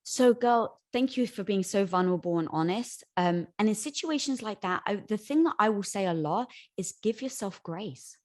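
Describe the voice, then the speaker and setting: A woman's voice: medium pitch, animated, normal speed, hardly any pauses. A woman guest on a podcast speaking in an encouraging, affirming way, addressing the host as "girl". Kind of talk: candid conversation.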